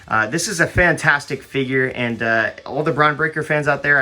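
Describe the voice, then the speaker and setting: A man's voice: on the high side, moderate pace, bright, forceful tone. Young man rambling through a figure review. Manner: rambling with many fillers and restarts. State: stuttering, foggy after a fight. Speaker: toy collector reviewing action figures. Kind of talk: casual unboxing review.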